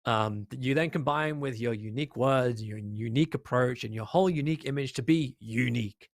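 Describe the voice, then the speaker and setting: An Australian man speaks as an interview guest, emphatic and quick to jump into voices of the people he describes. His delivery is animated and loose, full of fillers, in a mid-pitched voice. The sound is dry and close to the mic. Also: gravelly, dry recording. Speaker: esports caster, guest. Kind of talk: casual interview chat.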